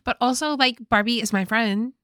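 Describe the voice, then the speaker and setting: A woman's voice: on the high side, normal speed, a bit bright, clean tone, dry recording, studio quality. A woman co-hosting a podcast, reacting in a casual chat with joking opinions. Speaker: podcast co-host listening to a recap.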